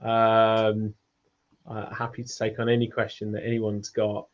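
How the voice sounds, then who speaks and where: A man's voice: fairly low pitch, completely flat delivery, measured pace, highs cut off. A British man hosting a casual online Q&A, chatty and rambling, laughing easily. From United Kingdom. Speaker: host of a community Q&A.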